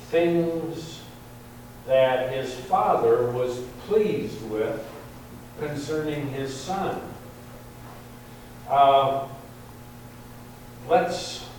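A man preaching a sermon, slow and deliberate, lifting his voice on quoted verses. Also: mid-range voice, darkish tone. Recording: very echoey hall, distant mic, faint hum.

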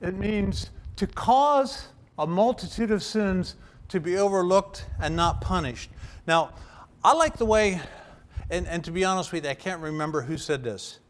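A middle-aged man preaching a sermon as pastor, earnest and emphatic, with restarts and some throat clearing. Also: high-pitched, lively intonation, moderate pace. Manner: earnest, emphatic, builds to loud stressed phrases.

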